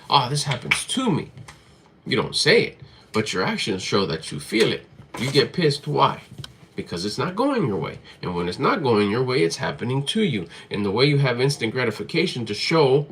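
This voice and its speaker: A man's voice: fairly low pitch, a bit bright, slight background noise. A man giving a motivational talk to camera in a blunt, emphatic way, swearing freely and hammering his points through repetition. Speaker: motivational vlogger.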